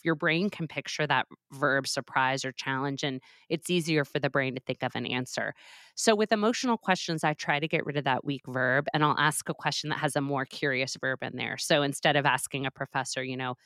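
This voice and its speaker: Forties woman guest, low voice, lively explainer, dry sound. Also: a little fast, dry recording. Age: 40s. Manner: animated, explains with quoted examples. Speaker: guest, professor and author. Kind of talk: conversational interview.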